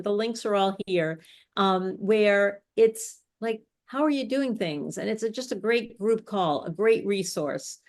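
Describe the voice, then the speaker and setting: A woman speech coach leading a live online workshop, explaining step by step with chatty asides. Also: medium pitch.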